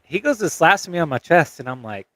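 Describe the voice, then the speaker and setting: A man's voice: a little high, big pitch swings, brisk, pushed and bright, dry recording. Man, podcast host, rambling profane storyteller, laughs a lot, dry close sound. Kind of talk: casual storytelling chat.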